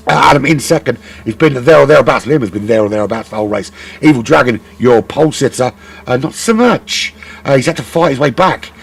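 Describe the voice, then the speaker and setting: A man's voice: mid-range voice, animated, fast, gravelly, husky. A man commentating a sim race live, chatty and rambling, often correcting himself.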